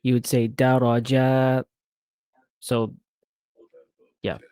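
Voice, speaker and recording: A man teaching Quran reading to a single student, patient and unhurried, breaking words into syllables. His voice sits at an everyday middle pitch. The sound is dry and close. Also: a little mellow, no echo. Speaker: Arabic teacher. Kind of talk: one-on-one Quran reading lesson.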